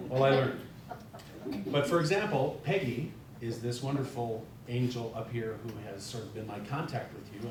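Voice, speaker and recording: Male guest speaker from North Dakota, rambling and folksy, heard from a distance in a very echoey church hall with a faint rumble. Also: a little mellow. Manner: chatty, self-deprecating, many fillers and restarts. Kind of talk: informal sermon talk. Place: church sanctuary.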